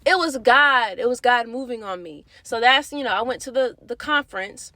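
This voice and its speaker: A young woman vlogger telling a personal faith testimony in a candid, animated, slangy way. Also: on the high side, moderate pace, dry recording. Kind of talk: casual testimony.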